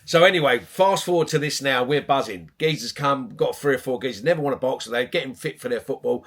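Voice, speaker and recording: A man, a boxing coach telling stories in casual chat, animated and swearing freely. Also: mid-range voice, fast.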